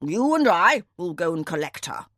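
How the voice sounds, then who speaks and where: A woman's voice: fairly low pitch, sing-song, moderate pace, fairly bright tone, no echo, clean studio sound. A woman voicing a stern elderly grandfather in an audiobook, speaking firmly and formally. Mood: indignant. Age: older. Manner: firm, indignant, formal.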